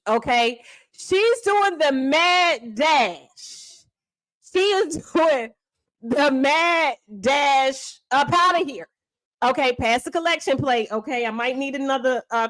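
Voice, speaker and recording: A woman's voice: sits high, fairly bright tone, dry recording. A woman hosting a live stream, retelling events with theatrical flair and calling her viewers honey and baby. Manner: dramatic, theatrical, calls listeners honey and baby. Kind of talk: animated storytelling commentary.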